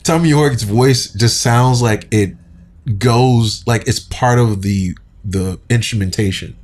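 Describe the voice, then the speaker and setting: A man's voice: mid-range voice, slow pace, darkish tone. A man co-hosting a podcast in a laid-back, casual chat, laughing often. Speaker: English teacher and podcast co-host.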